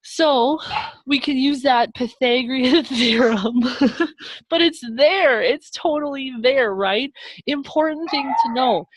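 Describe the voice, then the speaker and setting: A young adult woman teaches a live online math lesson over a video call microphone, upbeat and encouraging, with chatty asides to her students. Her voice is high-pitched and slow, with no echo.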